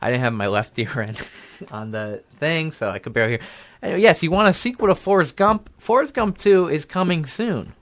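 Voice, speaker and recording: A man's voice: fairly high pitch, animated, fairly quick, fairly bright tone. A young man hosting a casual comedy talk show on college radio, rambling and spinning silly made-up stories. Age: young adult.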